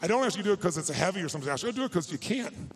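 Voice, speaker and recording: A middle-aged man speaks from the stage in a voice that sits a little high for a man. He tells a personal story with feeling and presses his audience to act. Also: big pitch swings, racing. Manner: emotional storytelling, emphatic and exhorting. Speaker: motivational speaker. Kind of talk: live stage talk to an audience.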